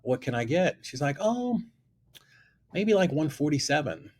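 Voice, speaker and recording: A man telling an animated story about his past, acting out both sides of a conversation. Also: fairly high pitch, fairly quick. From Florida. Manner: lively storyteller who acts out both sides of dialogue. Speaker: guest investor telling a story. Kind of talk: animated anecdote on a talk show.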